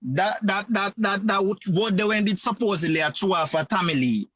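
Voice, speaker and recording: A man's voice: high voice, normal speed, a bit bright, no echo. A Jamaican man arguing insistently in a heated casual debate on a panel. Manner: argumentative, insistent, interrupts.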